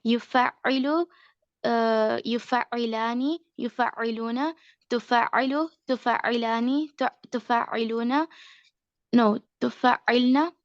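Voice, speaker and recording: A young-sounding woman with a slightly high voice recites verb conjugations over a call. She hesitates and corrects herself along the way. The audio is dry and muffled. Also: moderate pace, dry recording. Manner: hesitant, with fillers and self-corrections. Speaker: student. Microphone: computer mic on a video call.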